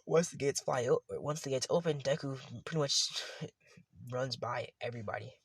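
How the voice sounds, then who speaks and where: A man's voice: medium pitch, normal speed, creaky, husky, dry recording. A man casually retelling a fan story, rambling and often correcting himself.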